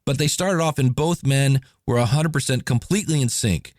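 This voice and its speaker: A male podcast host chats through a story, lively and conversational, often slipping into quoted voices. His pitch sits in the middle range for a man. The sound is dry and close, with no room echo. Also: moderate pace. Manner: animated, chatty, acts out quotes. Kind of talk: casual solo podcast storytelling.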